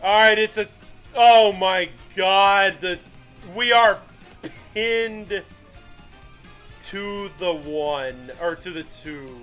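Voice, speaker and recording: A young man with a high, bright, forceful voice delivers live fan commentary on a football game. He talks in an unhurried way, self-mocking and excitable, and faint music plays behind him. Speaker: streamer doing game commentary.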